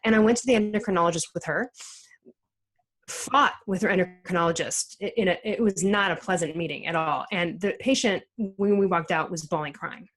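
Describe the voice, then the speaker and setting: A woman's voice: on the low side, fairly quick, a bit bright, rough recording. Woman, middle-aged, podcast guest, emphatic storytelling, frequent restarts. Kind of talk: casual interview chat.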